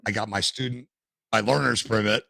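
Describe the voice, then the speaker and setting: An older man, a podcast guest, telling stories in a casual, animated way and acting out what others said. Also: lowish voice, a little fast, creaky, dry recording. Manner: animated storyteller, acts out quotes. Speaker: podcast guest, gamer and streamer. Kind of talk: casual storytelling interview.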